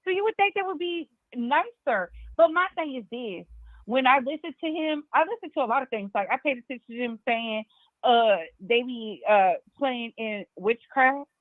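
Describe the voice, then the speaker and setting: A woman with a high voice joins a casual gossip chat by phone. Her voice comes through a tinny, dry phone line. She talks emphatically and exclaims in reaction. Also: expressive, normal speed, no room sound.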